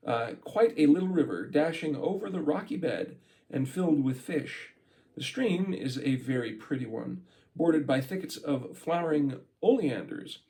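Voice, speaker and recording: A man's voice: medium pitch, creaky, warm tone, low-quality recording. A man doing an informal reading of a book aloud, stopping for chatty asides and laughs. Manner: reads aloud, breaks off to comment and laugh. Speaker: amateur reader of a book. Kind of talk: casual read-aloud with asides.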